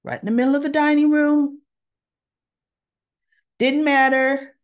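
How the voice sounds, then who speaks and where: A woman hosting a casual soap opera recap vlog, chatty and expressive as she retells the episode. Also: sits high, fast talker. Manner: chatty and expressive, acts out quotes with laughs.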